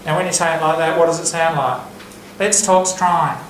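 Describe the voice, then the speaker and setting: A man with a slightly high voice talks fast as he teaches a relaxed English class, breaking down pronunciation patterns and repeating phrases as models. He's recorded from a distance in a very echoey classroom with faint background hiss.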